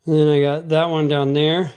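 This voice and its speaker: His voice is fairly high with a level, darkish tone that's clear and resonant, delivered at a moderate pace. He's a livestreamer working out and casually fielding viewer comments in laid-back banter.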